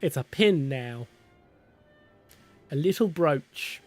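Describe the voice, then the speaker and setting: A man streams live, chatting casually with viewers, giggling often and swearing freely. His voice is on the high side and expressive, he talks slowly, and soft music plays in the background.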